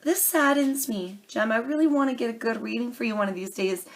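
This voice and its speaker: A woman's voice: a little high, fast. A young adult woman doing a tarot reading to camera, earnest and pleading, calling her listeners darling and baby. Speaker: tarot reader.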